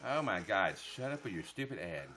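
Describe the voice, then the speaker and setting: A man's voice: lowish voice, big pitch swings, normal speed, bright, forceful tone, slight background noise. A man live streaming, chatting casually with viewers in a joking, profane way.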